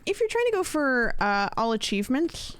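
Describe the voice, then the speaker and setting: A woman with a high, clear, resonant, fairly bright voice streams a game at normal speed, very animated. In this casual gaming livestream she chats and swears, talking to herself and her chat while she plays.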